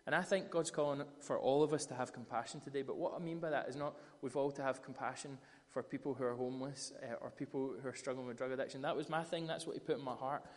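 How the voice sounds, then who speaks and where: A man's voice: mid-range voice, fast, few pauses. Man preaching in a reverberant hall. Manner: storytelling, animated retellings of scripture. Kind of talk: sermon.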